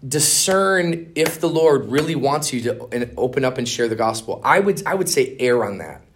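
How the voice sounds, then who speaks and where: A middle-aged man teaches a conference session like a casual talk. He tells stories in a rush, dropping "man" and "dude" as he goes, his voice jumping from hushed asides up to excited highs. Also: slight background noise. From Minnesota. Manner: animated, fast-talking, lots of "man" and "dude" slang. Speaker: speaker teaching a conference master class on evangelism.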